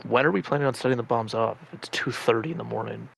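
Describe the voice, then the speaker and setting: A man's voice: mid-range voice, quick pace, creaky, slight background noise, rough recording. A man playing in a tabletop game, planning bluntly and swearing casually. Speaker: player.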